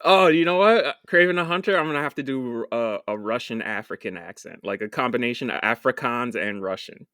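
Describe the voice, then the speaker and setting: A man's voice: medium pitch, fairly quick, few pauses, bright, forceful tone, dry recording, clean studio sound. A man co-hosting a casual film podcast, joking, swearing and laughing a lot. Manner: joking, profane, laughs often. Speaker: podcast co-host.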